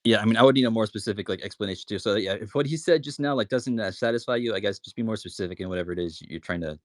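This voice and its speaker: A man's voice: fairly low pitch, rapid-fire, no echo, clean studio sound. Joking casual man hosting a chat. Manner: loose, joking, filler-heavy. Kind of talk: casual chat in an audio room.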